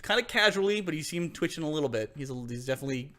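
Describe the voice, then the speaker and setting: Guy running a tabletop game, bright sharp voice, a bit high, rambly and laughing. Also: animated, racing. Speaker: game master.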